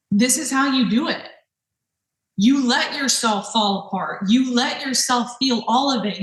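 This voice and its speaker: A woman's voice: on the high side, a bit bright. Earnest, emotional woman in an echoey kitchen. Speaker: host. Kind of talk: heartfelt podcast monologue while cooking.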